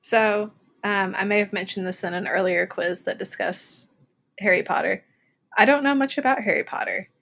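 A woman in her twenties co-hosting a casual podcast, chatty and quick to laugh as she tells stories. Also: mid-range voice, vocal fry, fairly bright tone. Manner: giggly, chatty storytelling. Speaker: podcast co-host. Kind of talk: casual chat.

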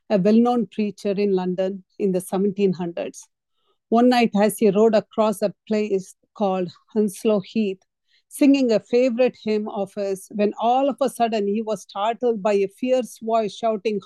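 A woman's voice: fairly high pitch, dark tone, no echo, rough recording. A woman preaching a sermon, telling a story in an earnest, emphatic way.

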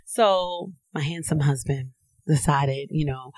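A woman co-hosting a podcast, telling a story with animated delivery, laughing and acting out quotes. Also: fairly low pitch, measured pace, no echo. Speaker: podcast co-host. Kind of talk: casual storytelling chat.

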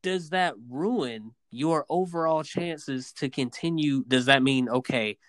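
A man co-hosting a podcast, making his points in an animated, emphatic way and often repeating his opening words. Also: a little high, slow, dry recording. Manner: animated, emphatic, repeats himself when starting. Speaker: podcast co-host. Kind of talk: casual debate chat.

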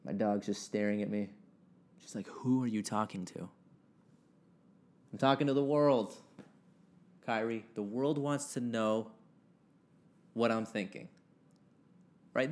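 A young man hosts a casual solo podcast from his house, where he's alone with his dog, rambling and joking at his own expense with casual swearing. His medium-pitched, darkish voice sits right up close to a home podcast mic with the gain turned up.

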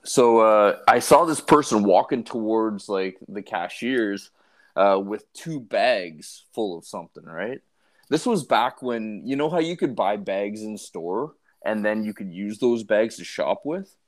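A man from Canada telling a story in relaxed casual chat, with easygoing fillers. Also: fairly low pitch, unhurried.

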